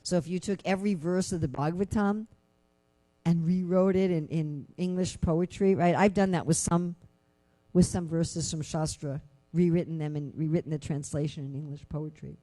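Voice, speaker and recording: A woman's voice: deep voice, moderate pace. A woman giving a conversational scripture lecture, telling stories and asking rhetorical questions, with frequent filler phrases. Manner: conversational, many "you know" fillers; animated storytelling with rhetorical questions. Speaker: lecturer at a temple class.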